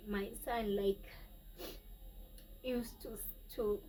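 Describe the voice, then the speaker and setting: Slow, emotional Kenyan woman. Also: on the high side, darkish tone. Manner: emotional, halting, with sighs and pauses. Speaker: vlogger. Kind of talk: personal storytelling. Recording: distant mic, faint background noise.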